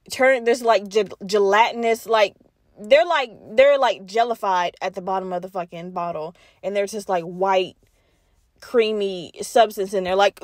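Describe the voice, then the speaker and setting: A woman's voice: mid-range voice, no echo, clean studio sound. A young woman hosting a podcast, telling a story in a casual, profane way and talking straight to her listeners. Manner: profane, animated, addresses listeners as y'all. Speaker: podcast host.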